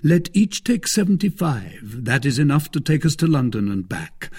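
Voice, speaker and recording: A man's voice: fairly high pitch, sing-song, normal speed, darkish tone, husky, pitched above the performer's own voice. A man voicing a confident young male guardsman who speaks in a commanding, assured way.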